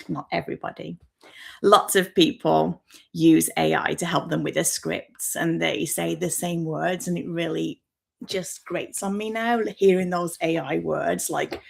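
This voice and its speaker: Her first livestream finds this Birmingham woman in her fifties talking nervously and laughing often as she chats casually with viewers. She has a softened West Midlands accent and a lowish, creaky voice, picked up by a built-in laptop microphone.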